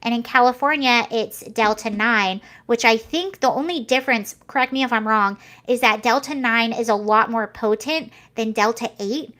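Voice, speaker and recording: Young woman vlogger, higher pitch, casual rambly commentary full of fillers. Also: moderate pace, few pauses, a bit bright. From United States. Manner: chatty, rambling, many fillers and restarts.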